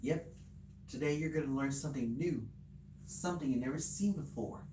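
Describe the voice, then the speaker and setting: Man, mid pitch, mellow tone; casual vlogger giving rambling, earnest advice to camera, echoey room. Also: moderate pace, a little hiss or hum. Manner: rambling, repetitive, earnest advice with many restarts. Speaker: video creator. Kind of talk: casual motivational talk to camera.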